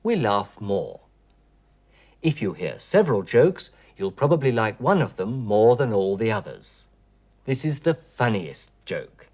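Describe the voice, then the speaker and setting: A man teaching English in a scripted 1980s television lesson, speaking clearly and deliberately through word drills. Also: lowish voice, sing-song, darkish tone. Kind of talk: slow, scripted language lesson. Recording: 1980s educational television recording.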